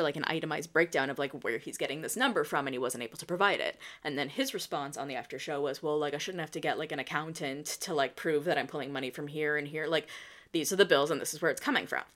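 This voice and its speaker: A woman in casual podcast chat, breaking down reality-TV drama with strong opinions. Her voice sits a little low for a woman, and she talks loosely, full of "like" and quick asides. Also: a bit bright. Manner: opinionated, chatty, heavy use of "like". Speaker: podcast host.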